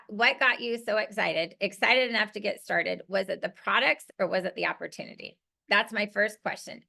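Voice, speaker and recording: A woman's voice: on the high side, gravelly, bright, forceful tone. A woman leading a team training call, upbeat and coaching, acting out lines from her phone scripts. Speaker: network marketing team leader.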